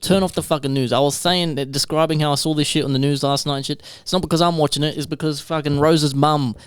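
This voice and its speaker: A man's voice: on the high side, level tone, fast, clean tone, dry recording. A man co-hosting a casual podcast chat, ranting and swearing heavily.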